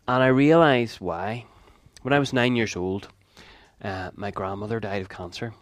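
An earnest preacher in his fifties with a somewhat low voice, telling a personal story with asides and quick laughs. The sound is dry and close, with no room around him. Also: dry recording.

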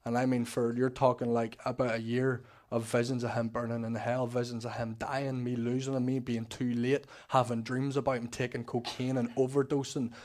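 A man's voice: mid-range voice, little pitch movement, normal speed, hardly any pauses, darkish tone. A man, an ex-prisoner giving an emotional, rambling faith testimony to a church congregation. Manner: rambling, emotional storytelling with restarts.

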